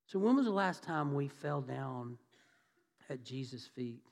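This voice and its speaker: With a mid-range voice, lively intonation, and a measured pace, a pastor delivers a conversational sermon in a reverberant church hall. He questions the congregation and performs the voices of the people in his story.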